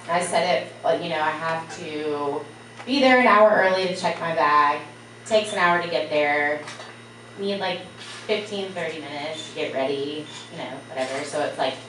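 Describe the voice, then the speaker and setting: Young woman, live storyteller, animated, swears, acts out panic; distant mic, very roomy echo. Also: fairly low pitch, slight background noise. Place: event room.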